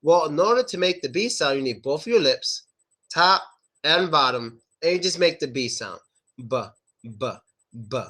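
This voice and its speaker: Man, young, pronunciation teacher, slow drawn-out demo words, animated pitch. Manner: slow, exaggerated demonstration of sounds, repeating words. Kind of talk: online pronunciation lesson.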